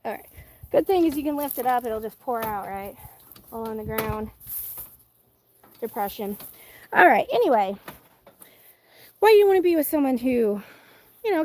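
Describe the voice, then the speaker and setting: A woman's voice: on the high side, background noise. A woman hosting a casual live chat outdoors, reading viewer comments, chatty and giggly with a self-deprecating humor. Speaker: livestream host.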